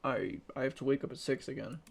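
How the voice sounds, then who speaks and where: A man's voice: medium pitch, fast talker, creaky, husky. A tired man giving casual, sarcastic and profane reaction commentary, rambling as he goes. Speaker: YouTuber reacting to videos.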